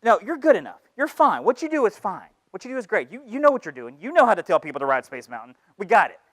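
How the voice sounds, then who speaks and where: A man's voice: high-pitched, sing-song, quick pace, fairly bright tone, no echo. A man on stage voicing his own fear as a sneering, belittling inner voice that mocks him. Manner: mocking, sarcastic, taunting. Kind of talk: comic stage monologue.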